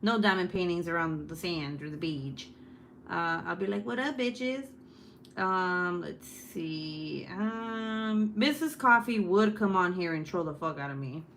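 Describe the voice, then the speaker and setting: Woman around 30 on a live stream, cussing and laughing a lot, kinda low voice, little bit of background hiss. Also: lively intonation, unhurried. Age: 30s. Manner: loud and profane, laughing often. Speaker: host. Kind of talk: casual live-stream chat.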